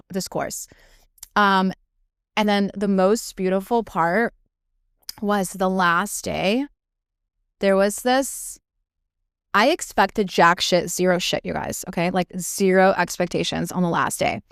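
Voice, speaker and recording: Young woman podcaster rambling excitedly, lots of "like" and cussing, smooth voice, dry room. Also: mid-range voice, no room sound. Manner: gushing, heavy filler "like", frequent swearing. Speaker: podcast host. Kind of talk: casual storytelling monologue.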